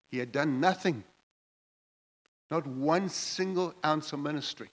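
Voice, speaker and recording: A man's voice: fairly high pitch, a little slow, low-quality recording. A man preaching a sermon, emphatic and repetitive, building his phrases in intensity as he goes.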